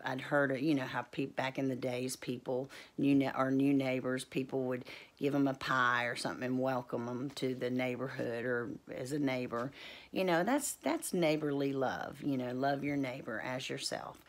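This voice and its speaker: A woman's voice: extremely low pitch, normal speed. A middle-aged woman, chatting casually in a vlog, rambling and devout, with many fillers and restarts. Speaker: homestead vlogger.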